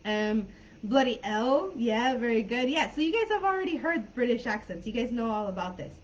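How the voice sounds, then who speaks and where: A woman teaching English in a live online class, friendly and chatty, laughing often and filling pauses while she thinks. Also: fairly high pitch, animated. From California. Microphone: video call. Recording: dull lo-fi video call audio.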